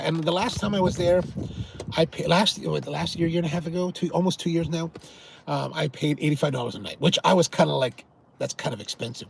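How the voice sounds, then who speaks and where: A man hosting a coffee show, chatting casually through long stories with many restarts and repeated words. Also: fairly high pitch. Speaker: coffee show host answering viewer questions. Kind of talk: casual rambling storytelling. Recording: clear background noise and ambience.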